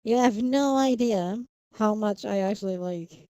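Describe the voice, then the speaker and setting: A woman's voice: medium pitch, unhurried, mellow, no echo. A young woman chatting casually on a live stream, rambling and restarting her sentences, often laughing. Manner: rambling, self-interrupting, giggly. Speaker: livestreamer.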